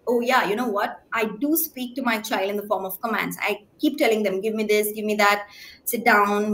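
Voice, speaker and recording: Female speech therapist, slightly high voice, clear emphatic teaching delivery to parents, asks the room questions. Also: fairly bright tone. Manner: clear, emphatic teaching with frequent "right?" check-ins. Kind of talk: talk to parents.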